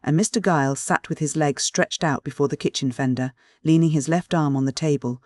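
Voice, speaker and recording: A man narrating a classic novel as an audiobook reader, in a measured, even reading on a close mic. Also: fairly high pitch, no echo.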